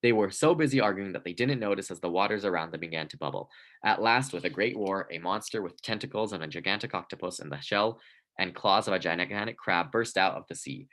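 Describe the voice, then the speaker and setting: A man reads a children's storybook aloud with a lively, expressive delivery. His voice sits very low. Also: a little fast, low-quality recording. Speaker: narrator. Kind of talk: storybook reading.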